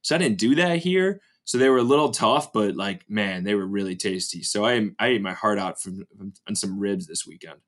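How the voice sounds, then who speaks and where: Relaxed man, slightly low voice. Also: moderate pace, few pauses. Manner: relaxed, hesitant with fillers. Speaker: podcast co-host. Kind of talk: casual conversation.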